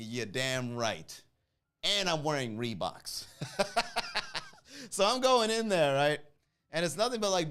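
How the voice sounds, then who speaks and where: A smooth-voiced man hosts a comedy podcast, telling a story casually and animatedly. He acts out the people in it, jumping sharply in pitch for their quoted voices, and laughs at his own jokes.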